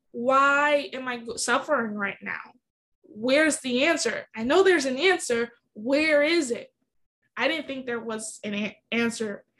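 Young woman, high voice, podcast host, earnest, candid, emotional personal story. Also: fairly bright tone.

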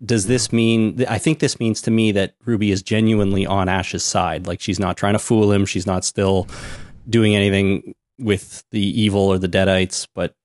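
A man's voice: lowish voice, level tone, normal speed, a little mellow, dry recording, studio quality. A man co-hosting a casual podcast chat, hesitant and repeating words while he searches for them. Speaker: podcast co-host.

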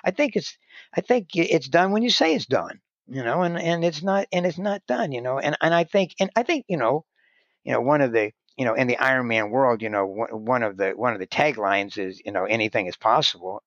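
A man's voice: mid-range voice, animated, fairly quick, a bit bright, dry recording. Rambling man, dull lo-fi sound. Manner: rambling, restarts sentences, heavy "you know" filler. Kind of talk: conversational storytelling.

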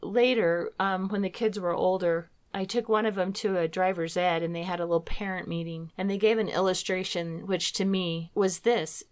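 A woman's voice: fairly low pitch, steady tone, moderate pace, few pauses, clean tone. A middle-aged woman co-hosting a faith talk program, sharing a personal testimony in an earnest storytelling manner. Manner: earnest storytelling, acting out her own past words. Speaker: co-host of a Christian talk program.

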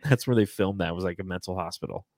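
Fast-talking deep-voiced man, profane rambler. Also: a little mellow, no echo, clean studio sound. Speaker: podcast co-host. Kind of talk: casual chat.

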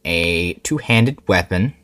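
A young man narrating as game master of a tabletop role-playing game, describing scenes in an animated way. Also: deep voice, slow pace.

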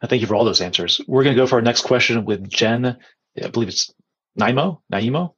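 A man moderating a panel discussion, briskly passing questions to speakers. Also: medium pitch, expressive, a bit bright, breathy edge, muffled recording.

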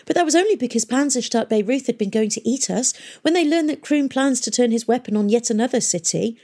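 A woman's voice: a little high, fast talker, mellow, voice pushed up. A woman voicing a passionate young woman in a storybook reading, speaking with urgent, pleading intensity. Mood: urging.

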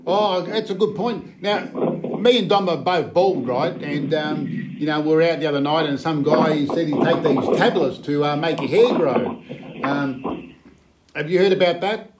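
A man's voice: on the high side, normal speed, a crowd in the background, low-quality recording. A man in casual podcast chat, asking teasing questions.

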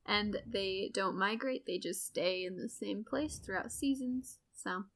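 A woman's voice: mid-range voice, measured pace. An American woman co-hosting a casual educational podcast, reading from notes and laughing often. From United States. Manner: giggly, reads notes with frequent laughs. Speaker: co-host.

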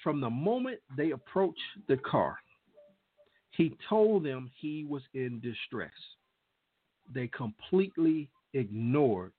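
A man's voice: mid-range voice, expressive, slow, husky. A male show host giving impassioned commentary, repeating phrases for emphasis. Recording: tinny phone-like line.

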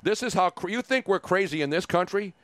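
Brash joking man, high and dry. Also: expressive, brisk, dry recording. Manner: brash, joking, loud opinions. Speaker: radio show host. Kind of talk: casual radio banter.

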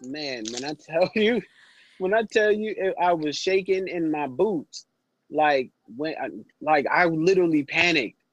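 A man's voice: fairly high pitch, measured pace, no echo, dull audio. A man, a podcast guest, telling his stories casually and animatedly and acting out the people in them. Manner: animated storyteller who acts out quoted voices. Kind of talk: casual storytelling interview.

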